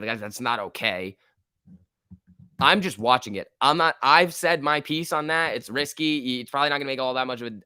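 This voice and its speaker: A young man hosting a casual stock-market livestream, talking excitedly, laughing often and reading chat messages aloud. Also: medium pitch, clean tone, no room sound, clean studio sound. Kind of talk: casual live-stream chat.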